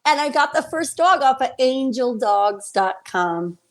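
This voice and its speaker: Woman podcast guest, fairly high voice, easygoing, laughs a lot. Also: lively intonation, unhurried, background noise. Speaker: podcast guest, kindergarten reading specialist. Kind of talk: casual chat.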